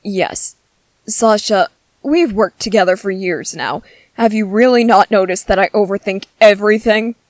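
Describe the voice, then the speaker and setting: A woman's voice: mid-range voice, moderate pace, darkish tone, dry recording, natural voice. A woman voicing a shy, bookish young male soldier in an ASMR audio drama, nervous and stammering.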